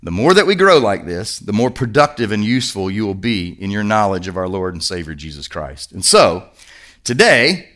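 A man from Kentucky, a pastor, preaching a sermon in a church in a lively, conversational way, asking the congregation questions. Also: medium pitch.

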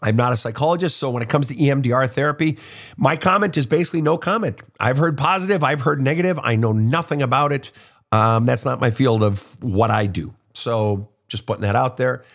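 A man's voice: medium pitch, brisk. A middle-aged man hosting a casual advice monologue, blunt and profane as he answers listener questions. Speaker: host, soul counselor.

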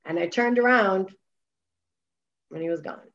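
A woman's voice: medium pitch, unhurried, dull audio. A woman guest, a wellness coach, telling her personal story candidly in conversation, emphatic and full of filler words and restarts.

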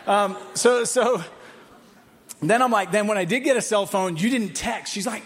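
A man in his forties preaching a sermon in a church, telling a family story in an animated way. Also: high-pitched, normal speed. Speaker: pastor. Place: church hall.

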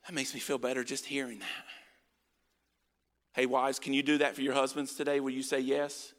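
A man's voice: mid-range voice, level tone, moderate pace, a bit bright. A man preaching a sermon to a congregation, emphatic and urging them to respond. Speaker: pastor. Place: large hall with congregation. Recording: live hall reverb.

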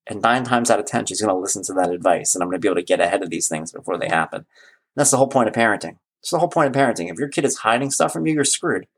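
A man's voice: fairly low pitch, rapid-fire, breathy edge. A middle-aged man, telling casual stories as a podcast host and acting out the people he quotes. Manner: animated, acts out quoted voices. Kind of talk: casual storytelling monologue.

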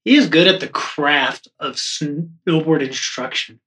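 Earnest guy, highish and bright, measured praise. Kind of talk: casual interview chat.

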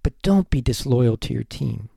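A man's voice: medium pitch, lively intonation, moderate pace, vocal fry, warm tone, slightly rough, no echo, clean studio sound. A man, a teacher hosting an advice podcast, talking earnestly and emphatically, at times heated.

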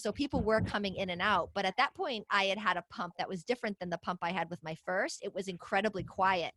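A woman who works as a nurse, telling a lively work story in casual chat and laughing often. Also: medium pitch, dry recording.

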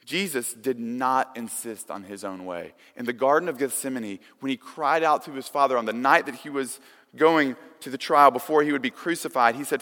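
A man preaching a sermon, earnest, his volume swinging from hushed to loud. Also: medium pitch. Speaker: pastor. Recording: long reverb of a large hall.

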